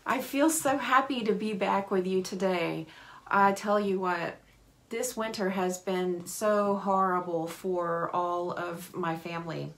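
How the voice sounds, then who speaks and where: Woman, craft tutorial host, live stream, unhurried, cheerful, greets viewers one by one. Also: medium pitch, steady tone, fairly bright tone. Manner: chatty, greets viewers by name; cheerful, apologetic asides.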